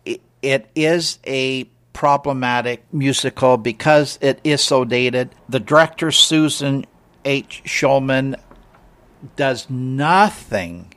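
A man talks through his view of a stage production at an unhurried pace. He hesitates, repeats words and restarts his sentences as he weighs his opinions like a critic. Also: medium pitch, fairly bright tone. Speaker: theater critic. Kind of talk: casual review chat.

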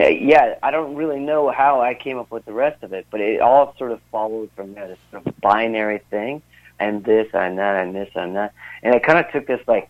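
A man speaks as a musician guest on a call, his voice a bit low and squeezed thin by a phone line. He wanders through his stories in a relaxed, rambling way, full of fillers and restarts. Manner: rambling, laid-back storyteller with many fillers. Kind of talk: casual interview chat.

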